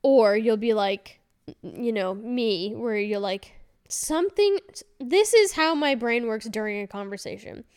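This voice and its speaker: Slightly high yet darkish, her clear, resonant voice has lively intonation and a somewhat slow pace. The woman, in her thirties, hosts a relaxed solo podcast, rambling candidly and chattily with fillers and self-corrections.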